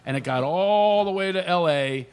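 A man, a comedian guest on a radio talk show, telling animated comic stories and slipping into impressions. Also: high-pitched, moderate pace, clean tone. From Philadelphia.

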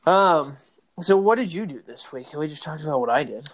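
A man's voice: on the high side, expressive, normal speed. A man co-hosting a podcast, chatting casually in an easygoing, hesitant way. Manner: easygoing, hesitant, many fillers. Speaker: podcast co-host.

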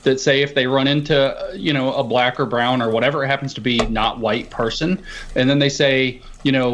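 A man's voice: medium pitch, fairly even intonation, a little fast, a bit bright, slight background noise. Argumentative man piling up points. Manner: argues in long piled-up lists. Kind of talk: heated conversation.

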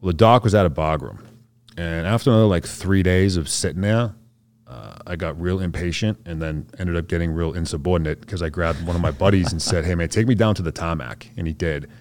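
Deep-voiced man telling a war story. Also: a little fast, darkish tone. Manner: laid-back, slangy, acts out dialogue of others. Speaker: podcast guest, Green Beret soldier. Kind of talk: casual storytelling interview.

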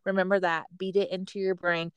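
A woman, co-hosting a casual chat, candid and chatty and quick to laugh at herself. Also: lowish voice, little pitch movement, clean tone, dry recording. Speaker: podcast co-host, military spouse.

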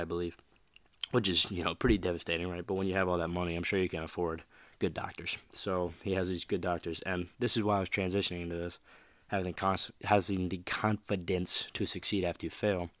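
A man's voice: deep voice, fairly bright tone, no echo. A man hosting a motivational podcast, talking casually and rambling, addressing the listener directly. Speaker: podcast host.

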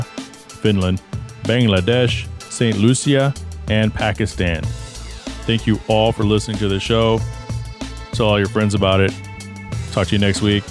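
A man hosting a podcast, closing the episode with relaxed, upbeat thanks and plugs. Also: on the low side. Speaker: podcast host. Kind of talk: casual podcast outro.

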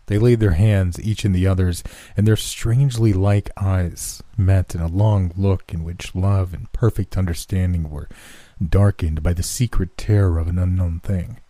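A male narrator reads a gothic horror tale in a very deep, very dark and mellow voice. His pace is measured and unhurried. The sound is dry and close to the mic. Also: dry recording.

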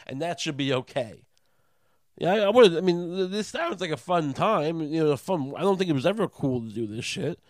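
A man on a sarcastic, profane comedic rant, his voice jumping high when he gets indignant. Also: expressive, fast, no room sound.

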